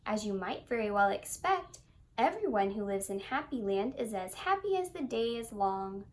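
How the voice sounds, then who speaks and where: A woman reading a children's picture book aloud in an expressive, singsong storytelling manner. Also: mid-range voice, normal speed.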